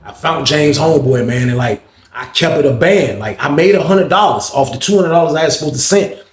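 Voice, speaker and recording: A man telling a casual storytime in slangy, animated speech, acting out what people said. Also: on the high side, a little fast, crowd noise. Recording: roomy echo.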